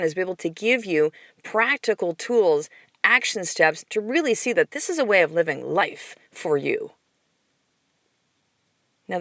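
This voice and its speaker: A woman's voice: mid-range voice, a bit bright, dry recording. A middle-aged woman hosting a motivational podcast, talking bluntly and with plenty of swearing as she coaches her listeners. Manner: blunt, profane, fired-up coaching talk. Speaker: podcast host.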